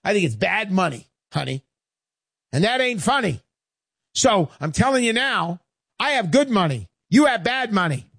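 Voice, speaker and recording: A brash man hosting a radio show, selling hard in a pushy pitch that leaps up and down. His voice is close and dry, with no room sound. He never lets up. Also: big pitch swings, normal speed, vocal fry, a bit bright, no room sound.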